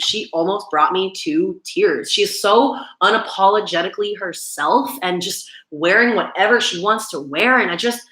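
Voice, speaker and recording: Chatty woman, bright echoey livestream. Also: on the low side. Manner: chatty, gushing, full of "like" fillers. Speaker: YouTuber hosting a livestream. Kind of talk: casual livestream chat.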